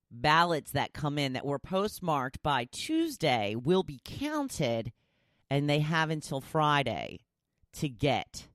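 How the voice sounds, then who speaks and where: Her voice is very deep, and she's a middle-aged woman running her own podcast alone, rambling playfully and breaking into laughter as she goes. It's a dry, studio-quality recording.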